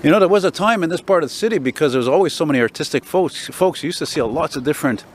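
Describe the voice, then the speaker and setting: A man's voice: fairly high pitch, lively intonation, rapid-fire. Rambling, opinionated older man walking outdoors. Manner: rambling, opinionated, self-described loudmouth. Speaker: walking vlogger. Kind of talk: casual walking commentary. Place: city street outdoors, walking. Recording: street noise behind.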